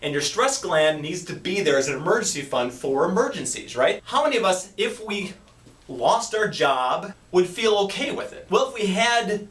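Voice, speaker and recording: A man's voice: sits high, sing-song, moderate pace, a bit bright. A man, a doctor hosting a health series, giving a casual educational talk and acting out little quoted exchanges. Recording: echoey room, distant mic.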